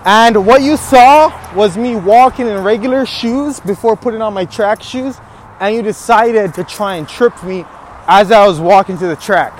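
A man with a high voice rants in a fired-up, trash-talking way, as if squaring up for a fight. He laughs between his lines. Faint noise sits behind him, recorded outdoors. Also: moderate pace. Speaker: podcast host. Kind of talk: fired-up motivational rant.

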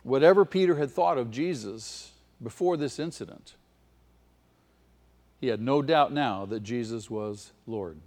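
A man preaching a sermon with passion, his voice swelling to near-shouts at its peaks. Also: mid-range voice, unhurried. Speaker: pastor. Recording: long hall reverb.

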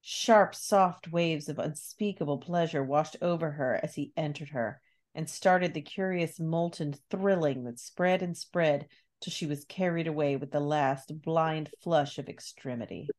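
A woman co-hosting a podcast in casual chat, reading book excerpts with laughter. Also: sits low. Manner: slow, animated, laughing readings. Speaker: podcast co-host.

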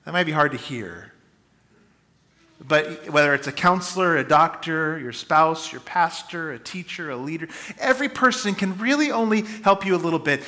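Bright-voiced male preacher. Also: high-pitched. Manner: dynamic preaching, swinging between loud emphasis and quiet asides. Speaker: pastor. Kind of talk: sermon.

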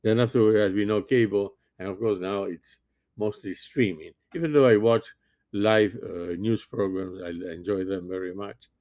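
A man in his sixties, a physician, giving a halting, earnest opinion monologue and often restarting his sentences. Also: fairly low pitch, fairly even intonation, no room sound, muffled recording. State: sleepy, yawning. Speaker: physician commentator.

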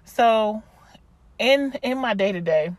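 A woman in her thirties, a podcast host, chatting through a casual voice diary, laughing and throwing in lively asides. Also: on the high side, takes it slowly, no echo. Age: 30s.

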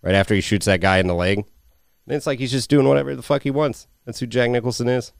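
A man's voice: mid-range voice, fast talker, creaky, no echo, studio quality. A man in his twenties co-hosting a casual film podcast, rambling, swearing freely and laughing often. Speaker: podcast co-host.

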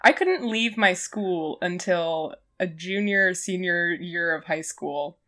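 A woman's voice: fairly low pitch, slow pace, fairly bright tone. A woman co-hosting a podcast, reacting with amused, giggly chat. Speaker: podcast co-host. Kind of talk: casual chat.

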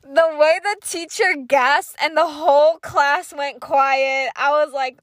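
A woman's voice: sits high, fairly even intonation, slow, few pauses, a bit bright, dry recording. A teenage woman hosting a podcast, telling school stories in a casual, profane way and laughing often. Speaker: podcast host. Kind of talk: casual storytelling monologue.

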